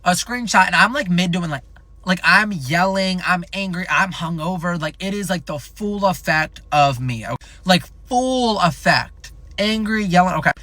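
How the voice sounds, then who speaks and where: A young man in his twenties spins a rambling storytime vlog, animated and full of profanity. His voice sits a touch high and comes across bright and forceful. The recording is close and dry, with no room sound. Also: normal speed, no echo. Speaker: content creator.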